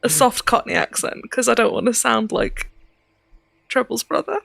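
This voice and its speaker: A woman's voice: on the high side, wildly swooping pitch, moderate pace, vocal fry, a bit bright, no room sound. A woman player chatting casually and laughing during a tabletop game. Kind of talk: casual chat.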